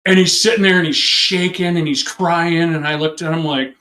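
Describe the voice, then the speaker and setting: Man, police officer, lively storyteller, voices the people in his story, fairly high pitch, roomy echo. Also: normal speed. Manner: lively anecdote-teller who acts out the people in it. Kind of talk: casual storytelling in an interview.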